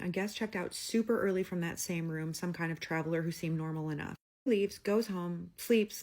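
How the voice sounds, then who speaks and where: A woman telling a creepy hotel story in a casual, chatty way, acting out the people's lines with lots of fillers. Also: on the low side. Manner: chatty retelling with quoted voices and "like" fillers.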